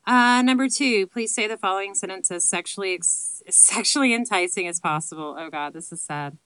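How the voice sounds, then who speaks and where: A woman's voice: on the low side, lively intonation, normal speed, a bit bright, clear, resonant tone, no room sound, low-quality recording. A woman in her late thirties with a Southern accent, chatting casually to camera and answering questions in a rambling, self-deprecating way full of ums. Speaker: vlogger answering viewer questions. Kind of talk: casual chat.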